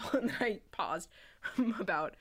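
A young woman chatting casually on a podcast, winding through a long story with frequent laughs. Her pitch sits in an ordinary middle range. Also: animated, slow pace, a bit bright. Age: young adult. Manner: rambling storyteller, laughs often. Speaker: podcast host. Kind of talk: casual chat.

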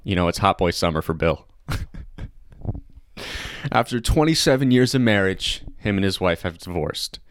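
A young man hosting a casual comedy podcast, chatty and excitable, laughing often. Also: sits low, normal speed, long pauses, a little hiss or hum. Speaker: podcast host.

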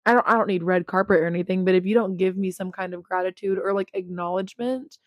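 A woman's voice: fairly low pitch, fairly even intonation, quick pace, dry recording, lo-fi sound. A young woman with a Texan accent hosting a solo podcast, chatting casually and confessionally, laughing often and full of "like" fillers. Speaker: podcast host.

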